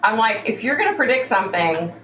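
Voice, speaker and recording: A woman's voice: on the high side, big pitch swings, a little fast, a bit bright. Chatty exasperated woman in echoey room. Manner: chatty, exasperated, calls listeners y'all. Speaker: psychic livestream host. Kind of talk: casual livestream chat. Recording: echoey room, faint background noise.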